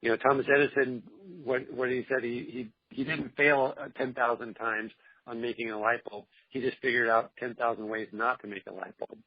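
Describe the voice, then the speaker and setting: A man's voice: medium pitch, flat delivery, fairly quick, slightly rough, dry recording. A man speaking as an interview guest, talking in an earnest, encouraging way. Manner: earnest, encouraging, faith-driven. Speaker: interview guest, film producer. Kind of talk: casual interview talk. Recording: dull, lo-fi remote audio.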